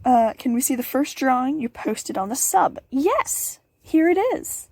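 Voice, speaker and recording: A woman's voice: high-pitched, animated, a little slow, darkish tone, no room sound. A teenage girl hosting a casual question-and-answer vlog, bubbly and giggly, rambling with playful asides. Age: teens. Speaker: channel host.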